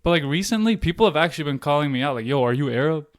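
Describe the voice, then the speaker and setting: A young American man tells a story at a rapid clip, his voice a touch higher than most and cleanly defined. He throws himself into quoted lines with sudden leaps upward. The sound is close and dry. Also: no room sound. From United States. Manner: animated, acts out quotes with big pitch jumps. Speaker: podcast guest. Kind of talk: casual storytelling chat.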